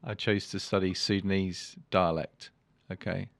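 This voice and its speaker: A man's voice: deep voice, steady tone, measured pace, creaky, no echo. A man being interviewed as an author, talking casually and hesitantly, with many restarts and fillers. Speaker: author and guest.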